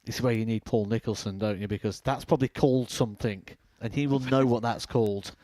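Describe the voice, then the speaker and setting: A man giving live darts commentary, measured as he sums up results and looks ahead to the next match. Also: mid-range voice, steady tone, a little mellow, no echo.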